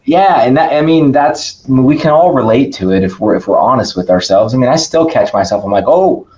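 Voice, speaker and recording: A man talking as a podcast guest in casual conversation, energetic and emphatic, often checking in with "right?". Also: medium pitch, fairly quick, dull audio.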